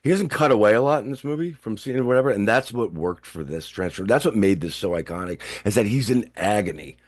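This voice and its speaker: A man whose pitch swings widely as he rambles excitedly and swears through a casual chat. His voice sounds close and dry. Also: fast, dry recording.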